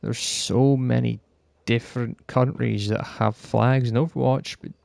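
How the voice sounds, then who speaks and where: Ranting Scottish man with a gravelly voice. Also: medium pitch, steady tone, unhurried, darkish tone, dry recording. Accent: northern Scottish. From Scotland. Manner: swearing, heated, ranting. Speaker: podcast rambler. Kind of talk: casual rant.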